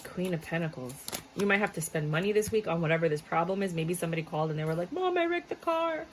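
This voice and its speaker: A woman's voice: sits low, fairly even intonation, very fast, slight background noise, poor audio. Blunt chatty woman reading tarot cards. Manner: chatty and blunt, swears freely; breaks off with laughs and asides. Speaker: tarot reader. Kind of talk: casual tarot reading to camera.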